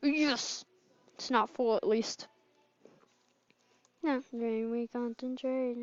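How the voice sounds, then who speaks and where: A woman giving casual gameplay commentary, excitable and quick to laugh and yell. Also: a little high, no echo, muffled recording. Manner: excitable, laughs and yells at wins and deaths. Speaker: gamer.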